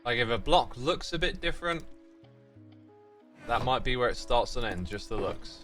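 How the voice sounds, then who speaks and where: A man's voice: mid-range voice, expressive, normal speed, fairly bright tone, soft background music. A British man streaming a game, thinking aloud and chatting with his viewers in a casual way. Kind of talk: casual livestream commentary.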